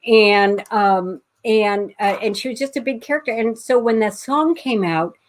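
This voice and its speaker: Speaking unhurriedly in a fairly high voice, a middle-aged woman from Pasadena, California, tells a family story as a guest author. Her talk is casual, peppered with fillers and restarts.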